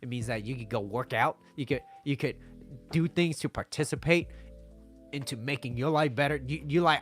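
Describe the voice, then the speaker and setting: A man's voice: medium pitch, moderate pace, faint music behind. A man giving casual dating advice in a monologue, blunt and swearing freely, laughing and acting out both sides of conversations.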